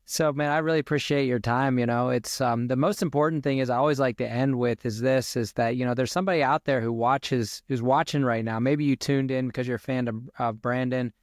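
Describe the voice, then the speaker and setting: A man's voice: medium pitch, fairly even intonation, brisk, hardly any pauses, no room sound, studio quality. A man hosting a podcast interview, speaking in a conversational way with loose phrasing. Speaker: podcast host. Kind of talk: casual interview chat.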